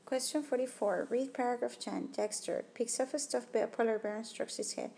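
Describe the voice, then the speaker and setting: A woman teacher with a gravelly, warm voice on the high side walks at a moderate pace through test questions, thinking aloud about every answer choice and eliminating them in turn. The test-prep lesson is captured on a tablet microphone with slight background noise.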